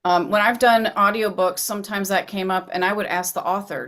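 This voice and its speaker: A woman voice actor co-hosting a webinar, chatting casually and explaining with quick asides over a video call. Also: medium pitch, steady tone, fairly bright tone. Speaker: voice actor and co-host.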